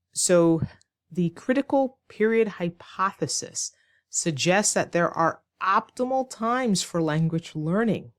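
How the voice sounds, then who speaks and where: A woman teaching an online English lesson, explaining slowly and clearly with rhetorical questions to her students. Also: lowish voice, no echo, studio quality. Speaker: ESL teacher.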